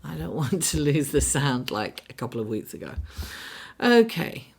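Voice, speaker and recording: A woman astrologer with a raspy voice from being under the weather, giving a weekly horoscope and tarot reading in an unhurried, reflective way with many fillers. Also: deep voice, big pitch swings, a little mellow.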